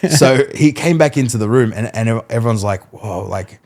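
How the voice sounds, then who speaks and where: A man, a mentalist guest, telling animated stories in casual podcast chat and acting out what people said. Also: mid-range voice, moderate pace. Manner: animated storyteller, acts out quotes, laughs mid-story.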